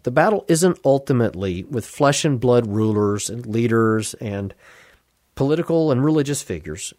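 A man preaching an expository sermon, earnest and measured, driving points home with emphatic repetition. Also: mid-range voice, lively intonation, a little mellow, dry recording, studio quality.

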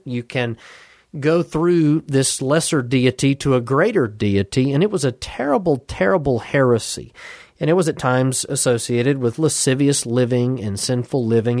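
A male preacher delivers a sermon in an earnest, measured way. His voice sits at a middle pitch and builds emphasis through repeated phrases. The sound is dry and close, with no room echo. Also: a little mellow. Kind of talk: expository sermon.

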